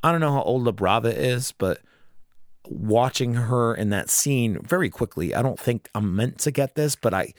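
A man's voice: medium pitch, expressive, moderate pace, no echo, studio quality. A man in his thirties hosting a podcast, rambling and joking with friends and swearing freely. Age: 30s. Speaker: podcast host. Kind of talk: casual podcast chat.

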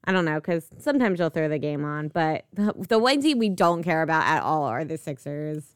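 Chatty young woman with a smooth voice. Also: deep voice, animated, a little fast, no echo, studio quality. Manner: chatty, lots of "like" fillers, swears casually. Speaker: podcast co-host. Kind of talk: casual chat.

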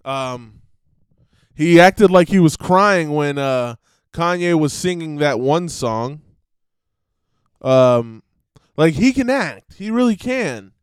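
Male host, high voice, loose ranting commentary with laughs. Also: animated, slow, long pauses, clean tone, no echo. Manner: rambling, laughs between thoughts. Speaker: podcast host. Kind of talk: casual commentary.

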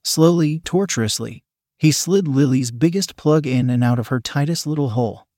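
A man narrating a written story in a steady, even reading voice. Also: fairly high pitch, moderate pace, dry recording, clean studio sound.

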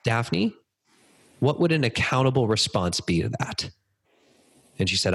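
A man in his thirties, a podcast guest, telling stories in an energetic conversational way. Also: medium pitch, a little slow, gravelly, husky. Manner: energetic, acts out quoted dialogue. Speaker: podcast guest, business speaker. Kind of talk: conversational storytelling interview.

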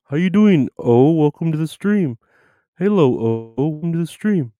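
A man's voice: on the high side, expressive, normal speed, warm tone, no echo, muffled recording. A man hosting a live stream, greeting viewers by name in loose, profane chat with frequent laughs.

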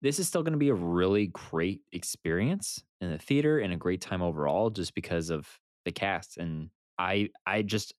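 A man co-hosting a podcast, chatting casually in an excited, joking way. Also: normal speed, hardly any pauses, no room sound, clean studio sound. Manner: excited, jokey, lively swings in pitch. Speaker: podcast co-host. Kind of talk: casual chat.

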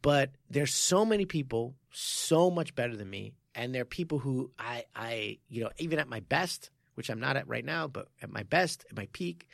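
A man's voice: medium pitch, vocal fry, dry recording, studio quality. A man, a martial arts coach and podcast co-host, telling a story in casual chat with frequent laughs and restarts. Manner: animated, laughs often, lots of restarts.

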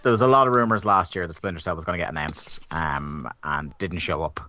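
A man's voice: sits low, fairly quick, bright, forceful tone. A man hosting a casual gaming podcast, calling on the others and giving dry predictions. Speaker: podcast host.

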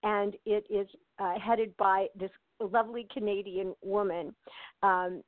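A woman's voice: medium pitch, steady tone, unhurried, no room sound. Older woman, interview guest, chatty, laughs a lot, phone-line sound, dry. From United States. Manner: chatty, laughs often, many fillers and restarts. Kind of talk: casual interview chat.

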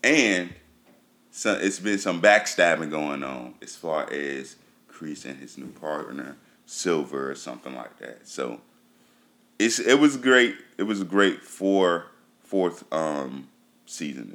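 A man with a rumbling low, fairly bright voice speaks slowly as he casually reviews TV shows for his viewers. His delivery is loose and full of fillers, and he repeats himself for emphasis.

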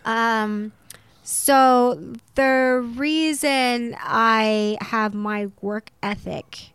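A woman guest on a podcast, telling stories in a loose, halting way with restarts and laughter. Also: on the high side, steady tone, a bit bright, smooth, no room sound. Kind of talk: casual storytelling chat.

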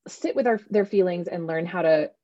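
A woman in her thirties, an author, chatting in an interview with an animated manner and plenty of fillers. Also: fairly low pitch, moderate pace, dry recording. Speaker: author and guest. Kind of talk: casual interview conversation. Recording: dull, lo-fi sound.

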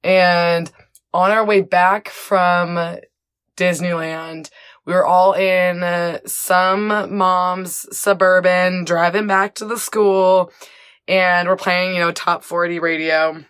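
A woman in her twenties from the southwestern United States, telling candid personal stories as an interview guest, animated, with fillers and playful swearing. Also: on the low side, slow, smooth. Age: 20s. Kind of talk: casual storytelling interview.

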